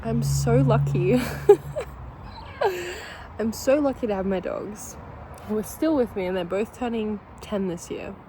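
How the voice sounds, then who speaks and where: A woman talks casually to her camera while eating breakfast at home. She is candid and swears freely, and she gets overwhelmed with happy emotion and laughs close to tears. Her voice sits at a medium pitch over a faint noise floor. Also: moderate pace. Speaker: vlogger. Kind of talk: casual vlog chat.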